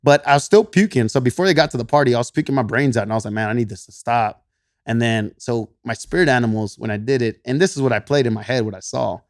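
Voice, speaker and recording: Speaking fast in a medium-pitched voice with a Texan twang, a podcast guest who coaches at a gym tells a casual story. He often laughs, swears freely, and imitates himself in animated voices, recorded dry at studio quality.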